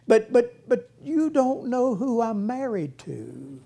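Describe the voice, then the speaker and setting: A man's voice: very high voice, very animated, measured pace, gravelly, few pauses, warm tone. A man preaching a sermon in a folksy way, repeating words and acting out whiny voices, with a congregation answering. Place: church with congregation responding.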